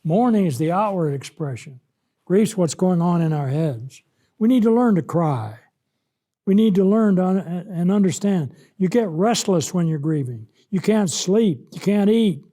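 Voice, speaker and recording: A man's voice: high-pitched, expressive, measured pace, dark tone. A man preaching a Bible lesson, acting out the scripture in the first person as he explains it. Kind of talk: sermon-style Bible lesson.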